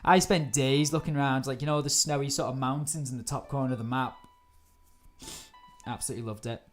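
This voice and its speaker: A woman chatting through a live gameplay stream, easily startled and quick to laugh. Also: very deep voice, fairly even intonation, faint music behind. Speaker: game streamer.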